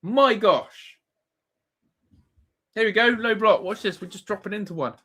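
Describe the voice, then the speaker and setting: A man's voice: high-pitched, unhurried, pushed and bright. A man hosting a live football watch-along, ranting and swearing in exasperation at his team. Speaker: fan channel host.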